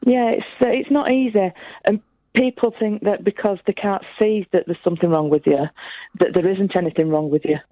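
A woman's voice: medium pitch, steady tone, a little fast, dry recording. A woman calling in to a radio show, speaking candidly and earnestly. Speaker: caller. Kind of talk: phone-in call. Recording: tinny phone line.

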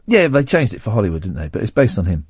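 A man's voice: fairly low pitch, sing-song, quick pace, darkish tone, husky, no echo, clean studio sound. A man hosting a radio show, bantering with a co-host in teasing, mock-outraged rants. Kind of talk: casual on-air banter.

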